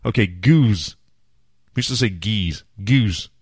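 A man's voice: on the low side, lively intonation, takes it slowly, darkish tone, slightly rough, no room sound, clean studio sound. A man hosting a casual beer podcast, enthusiastic and self-mocking as he chats and jokes. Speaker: podcast host.

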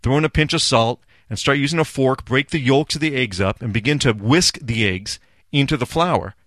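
A man talks in a blunt, sarcastic, profane rant as a podcast host. His voice is mid-pitched and ordinary. The sound is dry and close to the mic. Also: normal speed, fairly bright tone, dry recording. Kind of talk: casual ranting commentary.

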